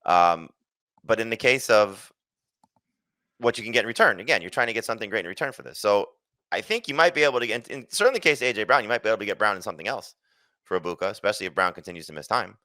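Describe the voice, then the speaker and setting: Male analyst, deep, quick delivery, sharp and bright, dry close studio sound. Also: expressive, no echo. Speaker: fantasy football analyst. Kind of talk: casual podcast discussion.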